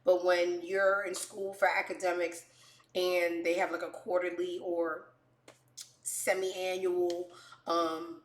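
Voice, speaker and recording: A woman hosting a show, telling stories in a brash, profane way, swinging from quiet asides to loud outbursts. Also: lowish voice, little pitch movement, slow, roomy sound. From New York. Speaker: show host. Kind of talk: casual comedic storytelling.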